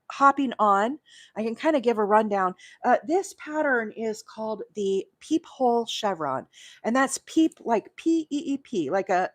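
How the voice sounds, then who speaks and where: A woman's voice: medium pitch, dry recording, clean studio sound. A woman from Alabama hosting a live crochet tutorial, talking casually and poking fun at herself, with plenty of fillers and asides to viewers. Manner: chatty and self-deprecating, with many fillers and asides to viewers. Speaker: crochet livestream host.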